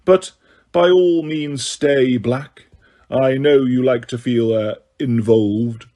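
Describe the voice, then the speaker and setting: A man voicing a cold, sneering male potions master who speaks quietly, slowly and waspishly. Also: medium pitch, expressive, husky. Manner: slow, quiet, silky and waspish.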